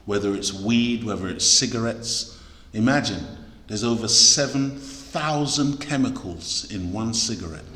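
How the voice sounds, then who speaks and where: A man's voice: on the low side, unhurried, few pauses, pushed and bright. A man preaching a sermon to a congregation, emphatic and exhorting, repeating key words for stress. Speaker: preacher, lecturer. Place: large echoey hall. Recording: echoey hall with long reverb.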